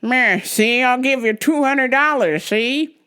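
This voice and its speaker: A woman putting on the voice of a creepy rich older man, sleazy and coaxing, who keeps tacking a drawn-out "see?" onto his offers. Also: high-pitched, pushed and bright, smooth, full character voice. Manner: wheedling, ends lines with a drawn "see?".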